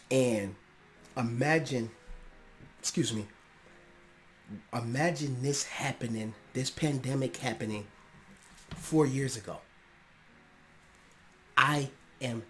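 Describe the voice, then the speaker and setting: Earnest podcast host, passionate and slangy. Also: male voice, medium pitch, slight background noise. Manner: earnest, passionate, rising to emphatic outbursts; casual slangy speech with restarts. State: clearing his throat often. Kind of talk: personal monologue on mental health.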